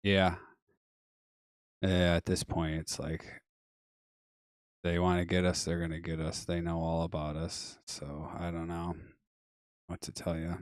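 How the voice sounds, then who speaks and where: Man, very low voice, hoarse, rambling offhand chat, dry close sound. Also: level tone, a little slow, pauses often, no echo. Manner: rambling, offhand, many fillers and trailing asides. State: losing his voice. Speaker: live-stream call-in show host. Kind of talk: casual live-stream chat, reading viewer comments.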